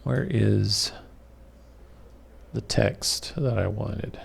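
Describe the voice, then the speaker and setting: A male instructor walks through a recorded lesson at an unhurried pace, his voice rough with a gravelly fry. He hesitates often and fills the pauses with ums and uhs, and he has the hiccups. The sound comes from a plain computer microphone. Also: on the low side. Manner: slow, halting, many fillers and pauses. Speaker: web development instructor. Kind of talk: recorded screen-capture lecture.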